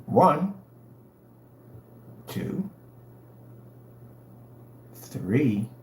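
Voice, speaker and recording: A man on a livestream taunts and mocks his chat, his pitch leaping up and down as he rants. His voice rings in a roomy space with a faint hum behind it. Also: big pitch swings, very slow. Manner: taunting, sarcastic, challenges viewers. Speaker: livestream host selling projector screen paint.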